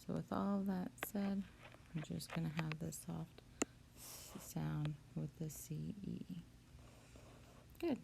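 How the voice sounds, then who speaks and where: Slow gravelly woman teaching spelling. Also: sits low, steady tone. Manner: slow, patient, step-by-step explaining. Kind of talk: phonics spelling lesson. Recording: noticeable background noise.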